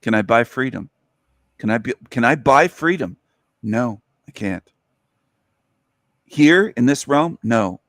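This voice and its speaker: A man's voice: medium pitch, expressive, slow, long pauses, fairly bright tone. A male podcast host delivering a mocking, sarcastic rant in a mid-range voice. He hammers his points by repeating phrases. The sound is dry and close, with no room echo. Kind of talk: solo podcast commentary.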